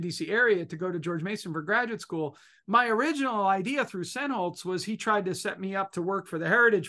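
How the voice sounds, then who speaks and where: A middle-aged man, an economics professor, telling his personal story in a talk, animated and full of fillers like "you know". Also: sits high.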